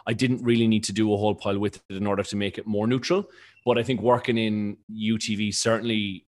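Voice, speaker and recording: A man from County Limerick with a mild Irish accent, a radio presenter answering interview questions in a rambling, quick, self-correcting way. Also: fairly low pitch, steady tone. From Ireland, County Limerick. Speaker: radio presenter and stage co-host.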